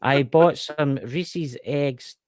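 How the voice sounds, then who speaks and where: A man's voice: medium pitch, extremely slow, dry recording. Scottish guy on a podcast, dry close sound, worked up and swearing, rattling on. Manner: animated ranting with swearing. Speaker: podcast co-host. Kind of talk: casual chat.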